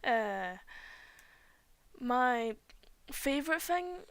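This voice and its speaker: Rambling woman, fairly high voice. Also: expressive, extremely slow, a bit bright, clear, resonant tone, no room sound. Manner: rambling, chatty, often trails off mid-sentence. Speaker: streamer. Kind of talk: casual chat while drawing. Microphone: cheap home microphone.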